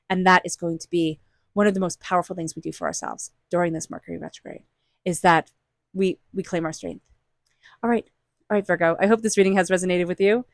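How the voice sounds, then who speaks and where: A woman's voice: on the low side, steady tone, fairly quick, dry recording, studio quality. A woman giving an earnest, encouraging tarot reading and acting out inner voices as she speaks. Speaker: tarot reader.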